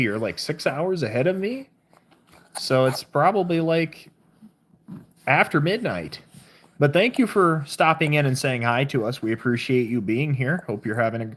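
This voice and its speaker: Woman, Southern accent, very deep voice, casual livestream host, chatty, reads viewer comments aloud. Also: lively intonation, moderate pace. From southern Missouri. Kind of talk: casual live-stream chat.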